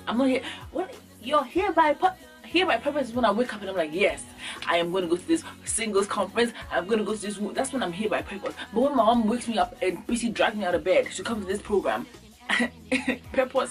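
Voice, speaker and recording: A young woman from Ghana talks straight to her camera in a casual comedy vlog. She acts out little scenes, and her voice leaps up when she mimics people. Faint music plays quietly behind her. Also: on the high side, fairly quick. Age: young adult. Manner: animated, acts out little scenes with sudden jumps in voice. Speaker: beauty vlogger. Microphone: camera mic.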